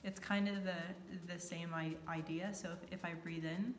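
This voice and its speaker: A woman's voice: on the low side, flat delivery, brisk, few pauses, faint music behind. A woman vlogger talking casually to camera, stuttering often and repeating sounds and words. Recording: echoey room.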